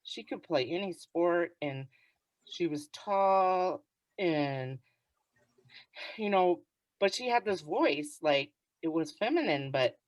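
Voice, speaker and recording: A woman co-hosting a podcast in loose, casual conversation, leaning on "like" as she talks. Her voice is very lively and swings widely in pitch. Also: takes it slowly, no room sound. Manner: animated, chatty, heavy use of "like". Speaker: podcast co-host. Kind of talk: casual chat.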